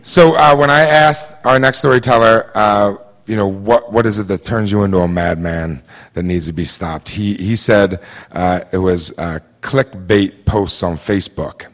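A man hosting a live storytelling show in a theater, loud and upbeat, laughing between words. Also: lowish voice, a little slow. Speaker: host. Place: theater stage.

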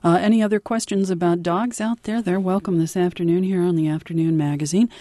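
Mellow low-voiced woman radio host. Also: fairly even intonation, a little fast, no echo. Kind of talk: radio talk show hosting. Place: radio studio.

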